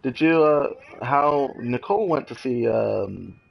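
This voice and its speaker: A man's voice: medium pitch, takes it slowly, vocal fry, highs cut off. A man co-hosting a casual podcast chat, telling stories with lots of laughter and swearing. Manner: animated storyteller, laughs a lot, swears. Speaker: podcast co-host.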